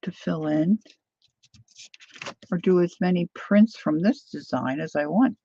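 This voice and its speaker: Gravelly woman chatting while crafting. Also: fairly low pitch, a little slow, warm tone, no room sound, dull audio. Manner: chatty, thinks aloud while working. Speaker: craft vlogger. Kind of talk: casual demo chat while crafting.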